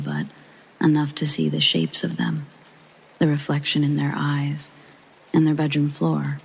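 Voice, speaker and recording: A narrator reading a first-person paranormal story in a soft whispered sleep-story style, with a breathy half-whisper. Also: medium pitch, low-quality recording.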